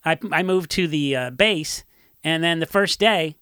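Punk musician guy chatting, kinda high bright voice, dry close sound. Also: a little slow, clean tone, no echo. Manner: rambling storyteller, lots of fillers and laughs. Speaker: podcast guest, punk musician. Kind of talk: casual chat.

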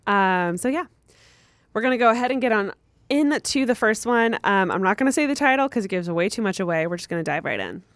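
A young woman co-hosts a podcast in a relaxed, chatty way and laughs easily between lines. When she reads a listener's story, she keeps a steady pace. Her voice sits at a middle pitch and sounds dry and close to the mic. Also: fairly quick, no echo. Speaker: podcast co-host. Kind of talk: casual chat and reading a listener story aloud.

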